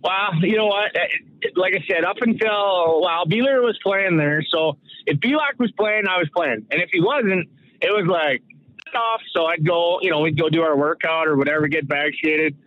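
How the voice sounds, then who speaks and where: A man's voice: high voice, normal speed. Saskatchewan man on a tinny phone line. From Canada, Saskatchewan. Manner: relaxed rambling storyteller, laughs often. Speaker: guest. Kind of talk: casual interview over the phone. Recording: phone-like narrow sound.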